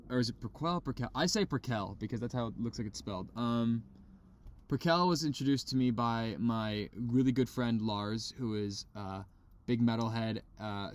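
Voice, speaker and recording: A man co-hosting a podcast from a parked car, chatting casually and excitedly about albums, swearing freely. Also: mid-range voice, moderate pace, a little hiss or hum. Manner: excitable, swears, imitates vocals. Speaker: podcast co-host. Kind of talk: casual chat.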